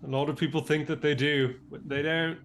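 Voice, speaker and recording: A man's voice: fairly high pitch, flat delivery, a little fast, fairly bright tone, slight background noise. A man playing a tabletop game in character, playful and joking. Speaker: player.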